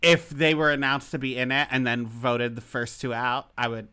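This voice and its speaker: A young woman with a strikingly low voice and a bright, forceful edge co-hosts a casual podcast. She is chatty and teasing and drops quick asides. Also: little pitch movement, clean tone. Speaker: podcast co-host. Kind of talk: casual chat.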